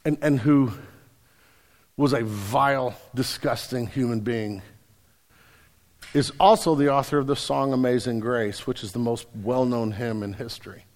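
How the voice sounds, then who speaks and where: A man preaching a sermon as pastor, conversational and emphatic, stumbling on repeated words. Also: mid-range voice. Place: church sanctuary. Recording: long reverb in a large hall.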